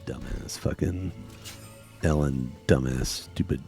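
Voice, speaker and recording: A man's voice: a bass voice, slow pace, creaky, dark tone, soft background music. Profane storytelling male streamer. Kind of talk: casual livestream storytelling.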